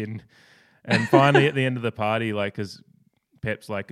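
This is a man on a casual sports podcast with a notably deep voice and a clean, resonant tone. He tells stories in an animated, rambling way, often restarting his sentences. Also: brisk. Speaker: podcast co-host.

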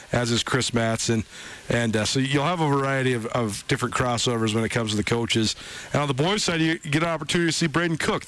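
A man's voice: medium pitch, fairly bright tone, rough recording. Male sports radio host with an average voice, loose and chatty delivery. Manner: conversational, loose, with frequent fillers and restarts.

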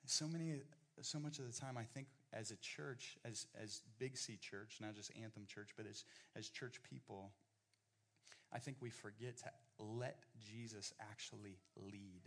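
A middle-aged male pastor preaching a sermon, often repeating and restarting his words as he builds up, at times nearly shouting. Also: lowish voice, a little slow. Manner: animated, repeats words, rising to near-shouting.

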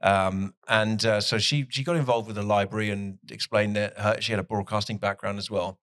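A man's voice: on the low side, steady tone, fairly quick, a bit bright. A man with a southwest English accent, a soccer commentator chatting on a podcast, rambling and laughing often. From southwest England. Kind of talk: casual podcast chat.

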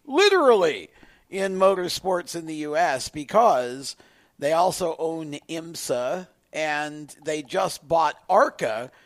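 A man co-hosting a sports radio show in a studio, giving slow, emphatic opinions. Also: sits high. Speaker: radio co-host.

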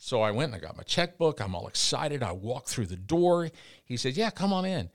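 A middle-aged man from the Amarillo, Texas area, a radio broadcaster, telling animated stories full of quoted dialogue as a guest in an interview. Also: medium pitch, moderate pace, vocal fry, no room sound, studio quality. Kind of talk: casual storytelling.

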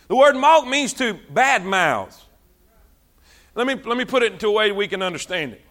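A man preaching a sermon, animated, drawing out words for emphasis. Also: high voice, moderate pace.

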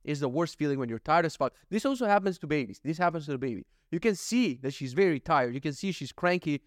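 Rambling, swearing podcast host, dry close sound. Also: male voice, fairly high pitch, animated, fast talker, no room sound. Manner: rambling, jokey, swears freely, acts out little scenes. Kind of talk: casual solo podcast monologue.

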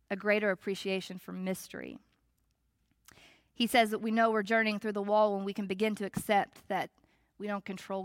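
A woman pastor giving a reflective, conversational sermon with measured pauses. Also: medium pitch, dry recording.

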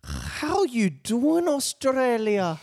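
A man voicing a pompous male New World Order official sitting at a desk, speaking slowly in a strange put-on foreign accent. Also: very high voice, huge pitch swings, a little mellow, pitched above the performer's own voice, heavily acted.

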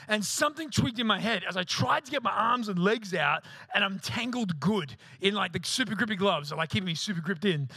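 A man's voice: high voice, gravelly, fairly bright tone, breathy edge, no room sound. A man preaching a sermon, telling a self-mocking comic story and acting out other people's voices. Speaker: pastor.

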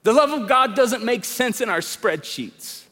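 Middle-aged male pastor, passionate sermon, high tenor, long reverb of a church hall. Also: lively intonation, measured pace. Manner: impassioned preaching, swings between loud calls and hushed lines.

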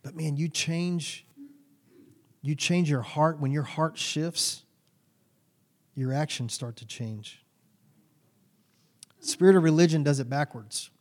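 A man's voice: a little high, takes it slowly, pauses often. Folksy preacher man in his forties. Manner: folksy storytelling with sudden loud bursts. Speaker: pastor. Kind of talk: sermon.

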